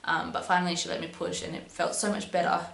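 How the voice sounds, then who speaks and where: A woman's voice: on the low side, little pitch movement, fast talker, vocal fry, fairly bright tone. A young woman telling a personal story in a casual, chatty way, with lots of "um"s and "but yeah"s. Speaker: vlogger. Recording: echoey room with faint hum.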